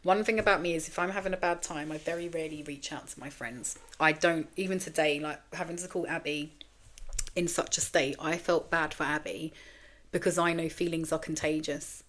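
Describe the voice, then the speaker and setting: Woman, 40s, podcast host; low-set voice, rambling and blunt, emotionally raw and close to tears. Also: steady tone, brisk, fairly bright tone. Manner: candid, rambling, swears freely. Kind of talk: casual confessional monologue.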